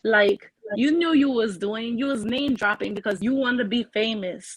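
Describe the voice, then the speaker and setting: A woman's voice: on the high side, normal speed, no room sound, low-quality recording. A Puerto Rican woman from the Bronx, talking brashly and swearing in a casual livestream chat. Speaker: livestream guest.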